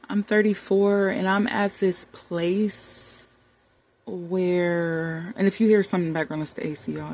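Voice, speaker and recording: A woman's voice: on the low side, steady tone, a little slow, a little mellow. A woman in her thirties talking candidly to camera in a heartfelt, conversational way, calling her viewers y'all and baby. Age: 30s. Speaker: vlogger. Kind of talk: candid personal talk to camera. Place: warm room with the air conditioner running.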